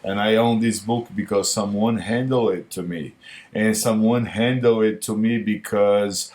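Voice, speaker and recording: Man, low voice, very slow pace, solo vlog monologue, deliberate repeated phrasing. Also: steady tone, darkish tone. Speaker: YouTube channel host.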